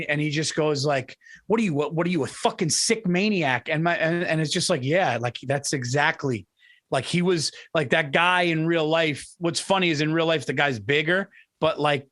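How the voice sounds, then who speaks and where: Excitable, high-voiced New York man. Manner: excitable, rambling, repeats himself. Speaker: podcast co-host. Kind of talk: casual chat.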